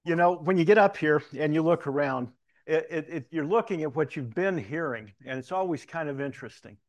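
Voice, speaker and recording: A man's voice: a little high, a little fast. A man in his sixties with a Southern-tinged Missouri accent, giving a folksy, anecdotal talk from the front of a church. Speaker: church leader.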